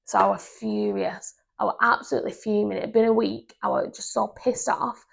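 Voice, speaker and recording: A young woman, co-hosting a podcast and telling a story in an animated, indignant way. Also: medium pitch, a little fast, gravelly, husky. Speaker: podcast co-host. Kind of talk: casual chat.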